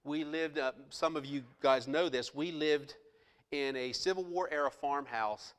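A male pastor preaching a sermon with passion, swinging between loud outbursts and hushed asides. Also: on the high side, unhurried, big-room sound.

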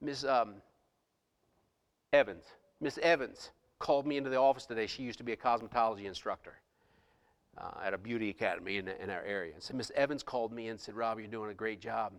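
A man's voice: lowish voice, quick pace, long reverb tail. A middle-aged man, a pastor, telling a personal story to his congregation in a sermon, with frequent restarts and quoted dialogue. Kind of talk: sermon testimony. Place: church.

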